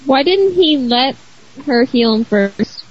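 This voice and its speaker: A man putting on a shrill, squeaky-voiced whiny woman, asking mocking falsetto questions. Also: animated, slow, exaggerated voice. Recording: muffled lo-fi recording.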